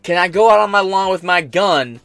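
A man's voice: high-pitched, normal speed, fairly bright tone, clear, resonant tone, no echo, soft background music. An American man hosting a podcast, reacting to news clips in blunt, profane casual commentary. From United States. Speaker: podcast host.

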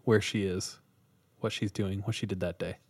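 A man's voice: on the low side, steady tone, normal speed, a little mellow, breathy edge, no echo. A man hosting a podcast, casually retelling a creepy story with quoted voices and easy jokes. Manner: laid-back, jokey, tells stories with quoted voices. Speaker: podcast host.

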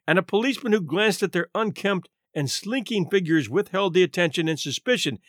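A man narrating a classic short story aloud with an expressive, theatrical reading. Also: high voice, a little fast, no echo, studio quality. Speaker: narrator and podcast host.

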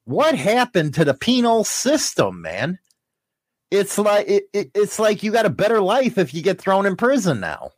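A man's voice: high-pitched, wildly swooping pitch, moderate pace, husky, no room sound. A man co-hosting a casual talk show, joking loosely and swearing freely. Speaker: podcast co-host. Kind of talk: casual chat. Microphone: studio mic with headphones.

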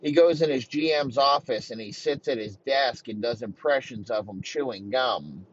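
A man's voice: mid-range voice, moderate pace, husky, dry recording, dull audio. A man hosting a sports podcast, ranting in a rambling way and swearing heavily. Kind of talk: profane sports rant.

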